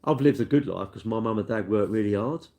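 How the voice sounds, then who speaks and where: A man's voice: fairly low pitch, fairly quick, darkish tone. A middle-aged man, a car dealer chatting casually on a live stream and answering viewer comments in a rambling way. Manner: chatty, rambling, tag questions like "innit".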